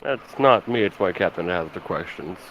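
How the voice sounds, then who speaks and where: A man playing his character in a tabletop game, speaking in a calm, measured way. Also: deep voice, a little hiss or hum, poor audio. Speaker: player.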